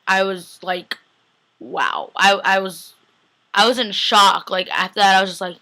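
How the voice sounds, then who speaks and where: Bright-voiced young woman gushing about a show. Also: mid-range voice, measured pace, low-quality recording. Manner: gushing, chatty, acts out lines with lots of "like". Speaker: fan vlogger recapping a TV episode. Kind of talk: excited casual recap.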